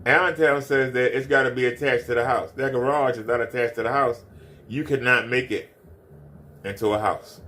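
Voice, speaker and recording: A man's voice: medium pitch, steady tone, moderate pace, pushed and bright. Man ranting in a mocking, repetitive way. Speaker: commentary streamer. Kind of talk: ranting commentary.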